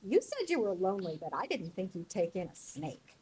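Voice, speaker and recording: A woman voicing a blunt, skeptical neighbor in a radio play, quick to scold. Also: mid-range voice, very animated, a little hiss or hum, lightly acted.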